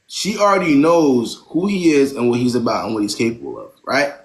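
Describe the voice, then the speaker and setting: A man's voice: mid-range voice, very animated, brisk. Guy on a live stream giving blunt dating advice, voice jumps up and down a lot, keeps saying right?. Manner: blunt, repeats points with "right?".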